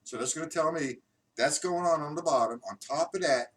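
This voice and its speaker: A man teaching a live-streamed drum lesson, patiently counting beats aloud and explaining each exercise. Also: fairly high pitch. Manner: slow, patient counting aloud, demonstrating rhythms. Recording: distant mic with loud noise.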